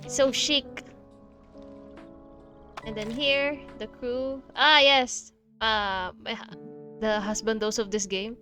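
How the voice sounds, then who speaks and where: A woman's voice: a little high, fairly even intonation, takes it slowly, long pauses, sharp tone, soft background music. A woman streamer chatting casually over gameplay, gushing, with many fillers and giggles.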